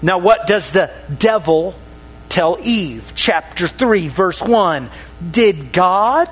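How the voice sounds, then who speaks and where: A man preaching a sermon to a congregation, pausing dramatically, dropping his voice on key words and calling for responses. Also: expressive, a bit bright, husky. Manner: dramatic pauses, drops voice low on key words.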